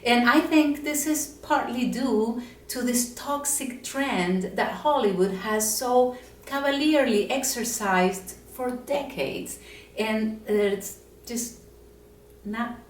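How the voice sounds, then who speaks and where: A woman's voice: on the high side, takes it slowly, a little hiss or hum. A woman from Latin America with a Latin American Spanish accent, making an earnest, methodical case in an opinion vlog. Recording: roomy echo, mic at a distance.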